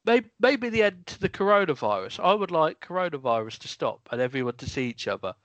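A man co-hosting a podcast, speaking softly and earnestly in a halting, casual way. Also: on the high side, big pitch swings, no echo, dull audio. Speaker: podcast co-host. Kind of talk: casual chat.

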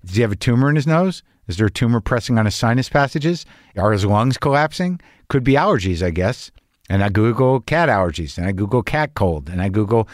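A man's voice: fairly low pitch, dry recording, clean studio sound. Rambling, profane comedic male podcast host. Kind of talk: casual comedic monologue.

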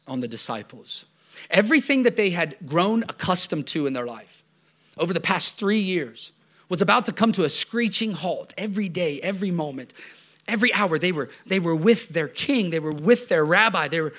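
A middle-aged man preaching a sermon as pastor, talking conversationally and swinging between loud bursts and hushed asides, often restarting and repeating words. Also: high voice, expressive, normal speed.

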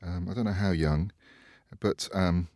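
A man hosting a casual chat show, talking in a chatty way, laughing often and trailing off quietly. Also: low-pitched, fairly even intonation, a little slow, no echo, clean studio sound. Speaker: podcast host.

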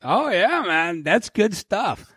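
A man's voice: high voice, sing-song, slow pace, a bit bright, slightly rough, no room sound, clean studio sound. A man co-hosting a podcast in casual chat, swearing freely, joking and acting out imagined conversations. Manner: profane, joking, acts out imagined dialogue. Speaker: podcast co-host.

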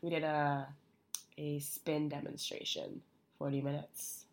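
A woman's voice: deep voice, flat delivery, a little slow, gravelly. A woman co-hosting a casual podcast chat, congested and losing her voice, with a dry, understated way of talking. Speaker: podcast co-host.

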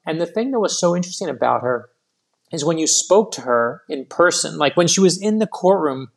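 Middle-aged guy rambling through stories with lots of "like", kinda raspy and a bit high. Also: fairly quick. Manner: animated, rambling anecdotes full of "like". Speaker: guest author. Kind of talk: casual interview storytelling.

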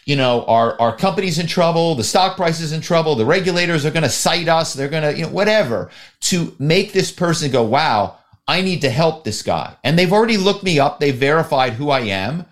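A middle-aged man, a guest on an interview show, telling lively stories and acting out phone calls. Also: on the high side, a little fast, few pauses. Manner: animated, acts out calls. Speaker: guest, former corporate spy and actor. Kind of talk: storytelling in an interview.

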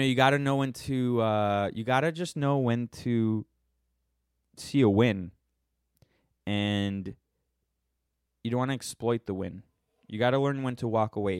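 A man's voice: medium pitch, clean tone, no echo, studio quality. Rambling sarcastic man in his thirties. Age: 30s. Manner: rambling, sarcastic, trailing restarts. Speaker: podcast host. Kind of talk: livestreamed monologue.

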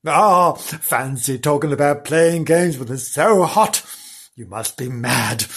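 A man's voice: fairly high pitch, takes it slowly, a bit bright, slightly rough, heavily acted. A man voicing a grumpy, bad-tempered old male dog in a comic storybook reading, snapping and complaining. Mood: snappish.

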